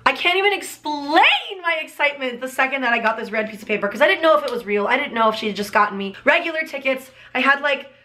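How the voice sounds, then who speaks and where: Young woman vlogger, high sparkly voice, gushing breathless storytime, like like like. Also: animated, quick pace, few pauses, pushed and bright, slight background noise. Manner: gushing, breathless retelling full of "like" fillers. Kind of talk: excited storytime vlog.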